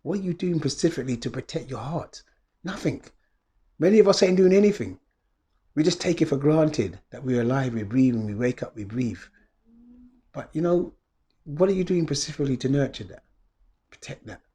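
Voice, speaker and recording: A man's voice: mid-range voice, lively intonation, fairly quick, mellow. A middle-aged man, a wellness coach, giving an earnest reflective motivational talk full of repeated rhetorical questions.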